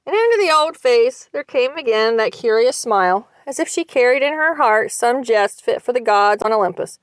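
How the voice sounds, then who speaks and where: A woman narrating a short story aloud for a library series, with a measured, expressive reading style. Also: on the high side, no room sound.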